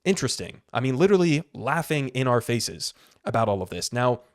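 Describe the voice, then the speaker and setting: A man's voice: medium pitch, big pitch swings, a little fast, dry recording. Sarcastic male political commentator, dry sound. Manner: sarcastic, incredulous.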